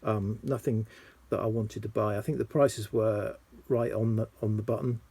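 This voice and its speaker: A man's voice: steady tone, moderate pace, dark tone. A man chatting casually about his record finds, hesitant, with lots of ums and restarts. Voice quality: low gravelly husky voice. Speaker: vinyl collector vlogger. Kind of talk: casual rambling show-and-tell.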